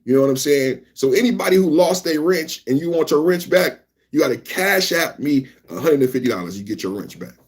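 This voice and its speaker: Husky-voiced man ranting on a podcast. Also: a little high, lively intonation, fairly quick, few pauses. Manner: loud, repetitive, talks straight to chat. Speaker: podcast host. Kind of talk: live reaction podcast rant.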